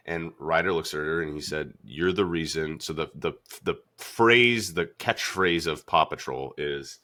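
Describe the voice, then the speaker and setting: A man hosting a podcast, retelling a story in a casual, animated way with lots of "like" fillers. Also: low voice, normal speed, few pauses. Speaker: podcast host.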